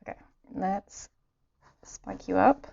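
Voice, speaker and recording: A woman's voice: mid-range voice, takes it slowly, vocal fry, darkish tone. An Irish woman chatting casually and giggling to herself as she draws at home during a live stream. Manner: chatty, giggly, talks to herself while sketching. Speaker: art streamer. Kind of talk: casual chat while drawing. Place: home room. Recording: dull lo-fi stream audio.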